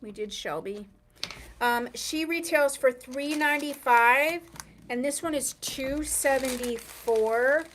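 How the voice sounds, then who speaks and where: A woman hosting a live online wig sale, describing products in a chatty, unhurried way. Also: sits high, a bit bright, a little hiss or hum. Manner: chatty, unhurried, drawn-out pauses. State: hiccuping. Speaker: online wig shop host.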